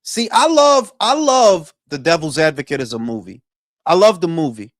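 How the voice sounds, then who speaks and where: Animated man in profane casual chat. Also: a little high, moderate pace, dry recording, clean studio sound. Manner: animated, profane, laughs often. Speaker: podcast host.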